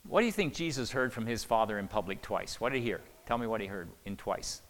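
A man's voice: lowish voice, animated, fast talker. An older man giving a conversational church teaching on marriage, often repeating words and asking the audience questions. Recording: long hall reverb.

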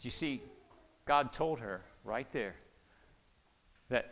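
A man's voice: mid-range voice, expressive, takes it slowly. Man preaching in a reverberant hall. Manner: swings between hushed asides and loud emphatic preaching. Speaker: pastor. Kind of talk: sermon with storytelling. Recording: long reverb of a large hall.

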